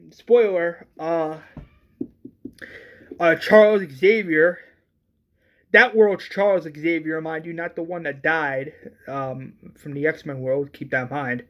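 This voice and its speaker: A movie reviewer ranting in an exasperated, excitable way, stumbling over restarts and swearing often. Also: medium pitch.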